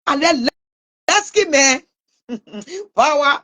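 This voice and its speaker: Liberian woman, high voice, mocking vlog rant with scornful laughs. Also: slow, long pauses, a bit bright. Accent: Liberian English. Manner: mocking, scolding, with frequent laughs. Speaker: online commentator. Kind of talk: taunting live rant.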